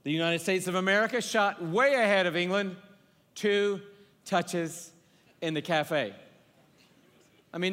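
A fairly high-voiced man preaching a sermon to a large church, joking and acting out little scenes. His voice rings with a long reverb from the big hall around him. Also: fairly bright tone. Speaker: pastor.

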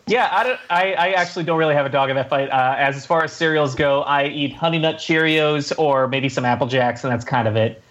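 A man's voice: on the high side, a little fast, a bit bright, highs cut off. A man hosting a casual podcast chat, laid-back and full of fillers and laughs. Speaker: podcast host.

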